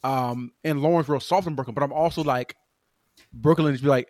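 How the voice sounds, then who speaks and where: A man's voice: mid-range voice, fairly quick, a little mellow, dry recording. A man co-hosting a podcast, chatting casually about parenting in a rambling way with many restarts. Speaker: podcast co-host. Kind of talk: casual chat.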